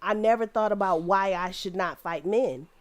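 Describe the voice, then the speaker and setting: A woman's voice: medium pitch, normal speed. A woman from Detroit co-hosting a podcast, talking bluntly and profanely in casual chat and laughing easily. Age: adult with kids. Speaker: podcast co-host.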